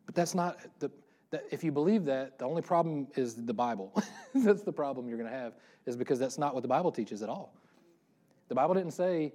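A middle-aged pastor preaching a casual sermon, talking quickly with joking asides about himself. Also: male voice, mid-range voice, lively intonation, warm tone. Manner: fast-talking, self-deprecating, joking asides.

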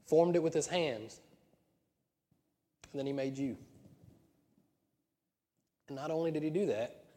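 A male pastor preaches in a church sanctuary with a mellow, darker tone. His talk is conversational and punctuated by emphatic bursts. A long hall reverb trails his words. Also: fairly high pitch. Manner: conversational preaching with laughs and rising emphatic peaks. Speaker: senior pastor. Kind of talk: sermon.

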